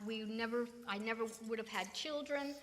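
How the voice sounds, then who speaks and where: A woman's voice: a little high, normal speed, a bit bright, a little hiss or hum. An older woman from California, giving an emphatic spiritual talk full of rhetorical questions, in a reverberant hall. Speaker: spiritual teacher. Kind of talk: satsang talk.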